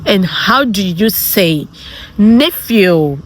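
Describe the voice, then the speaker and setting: A woman hosting her own channel, giving a casual vocabulary lesson and repeating each word slowly, twice over. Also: medium pitch, expressive, a little hiss or hum. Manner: slow and repetitive, saying each word twice. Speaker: language tutor and channel host.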